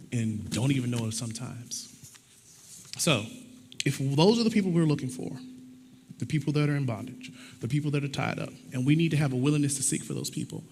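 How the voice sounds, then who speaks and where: A man's voice: medium pitch, vocal fry. A man preaching a conversational sermon with props, talking in a folksy way and acting out little dialogues. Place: church sanctuary. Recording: long hall reverb, faint noise.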